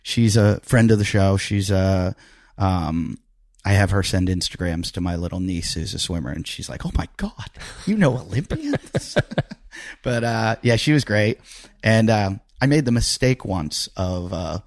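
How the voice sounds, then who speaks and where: A man's voice: low-pitched, normal speed. A man hosting a podcast, telling rambling stories in a casual, laughing way during an interview. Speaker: podcast host.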